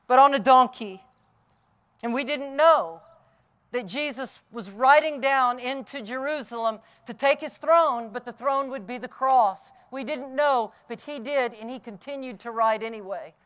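A middle-aged man preaching an Easter sermon outdoors, telling the story vividly and dropping from loud cries to hushed tones. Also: very high-pitched, clear, resonant tone. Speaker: pastor. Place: outdoors on a hilltop.

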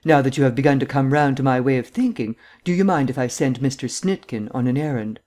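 A drawling, languid gentleman detective, read by a male narrator in an audiobook. He teases in florid, bookish phrases, and his pitch sits at an ordinary middle height. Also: fairly quick, close to an everyday voice. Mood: teasing. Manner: florid, teasing, quotes poetry. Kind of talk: audiobook character reading.

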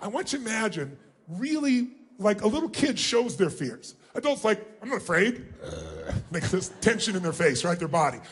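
A man leading a huge live audience through an exercise, energetic and commanding, often shouting questions to the crowd. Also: sits high, normal speed, slightly rough. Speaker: motivational speaker leading a large audience exercise. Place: large arena.

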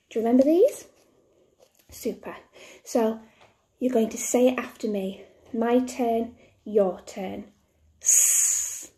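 Slow-talking teacher lady doing phonics with little kids, mellow voice, lots of cheery praise. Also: on the high side. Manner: slow, encouraging, sing-song praise. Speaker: primary school teacher. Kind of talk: phonics lesson for young children.

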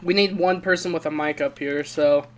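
A man's voice: a little high, fairly even intonation, moderate pace, slight background noise. A young man hosting a gaming video, chatting casually and joking with friends while playing. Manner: playful, jokey, mock-announcer outbursts. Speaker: channel host and player.

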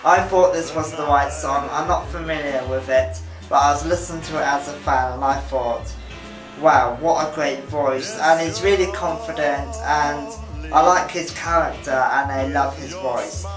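A man's voice: on the high side, normal speed. A man giving an enthusiastic, casual video review of talent show acts, often repeating his praise. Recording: roomy sound with music behind.

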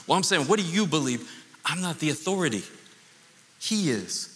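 A man pastor giving a conversational, animated sermon with playful asides. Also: on the high side, moderate pace, long reverb tail.

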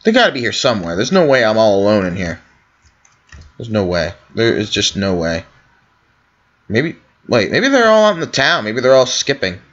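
A young man talking to himself while he plays a game, puzzled and now and then calling out loudly. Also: lowish voice, big pitch swings, normal speed, pauses often, lo-fi sound. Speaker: gaming video host. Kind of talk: in-character role-play commentary.

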